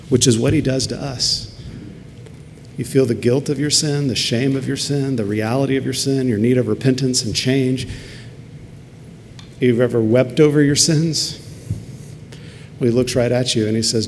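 Earnest preacher in an echoing hall. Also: male voice, mid-range voice, a little mellow, slight background noise. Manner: earnest, rises to emphatic peaks. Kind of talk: sermon. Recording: long hall reverb, faint ambience.

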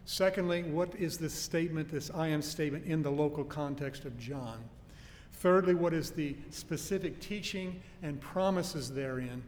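Man preaching in a reverberant hall. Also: a little high. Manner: earnest, emphatic, slows down to stress key phrases. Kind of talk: sermon. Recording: faint noise and long hall reverb.

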